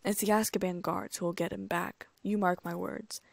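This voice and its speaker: A woman's voice: fairly low pitch, fairly even intonation, moderate pace, vocal fry, no room sound. A woman voicing a stressed, firm older wizard father in an audiobook.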